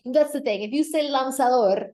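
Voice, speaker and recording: A woman's voice: high voice, normal speed. Chatty woman teaching Spanish. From United States. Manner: chatty, lively, laughs often, self-correcting. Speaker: Spanish teacher and podcast host. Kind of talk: casual podcast lesson.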